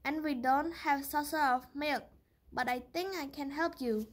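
A woman's voice: sits high, a little slow. Woman voicing a polite shop lady. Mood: plain.

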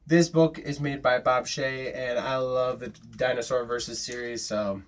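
A man reading a children's picture book aloud, an animated, expressive storyteller who hosts his own channel. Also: medium pitch, unhurried.

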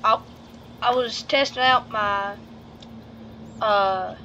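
A woman vlogging outdoors by a truck and trailer, rambling and halting with many fillers while she has the hiccups. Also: a little high, steady tone, bright, forceful tone, highs cut off, a little hiss or hum. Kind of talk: casual vlog narration.

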